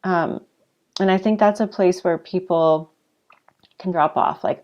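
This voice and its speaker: Woman co-host, low voice, thoughtful and affirming in easy conversation. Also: steady tone, unhurried, pauses often, darkish tone, muffled recording. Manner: reflective, encouraging, lots of affirming murmurs. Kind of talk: casual chat.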